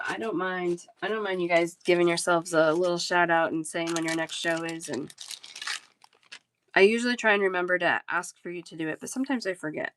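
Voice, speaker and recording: A woman's voice: fairly low pitch, a little hiss or hum. A woman in her thirties, a talkative and giggly live-stream bead seller chatting casually with her viewers.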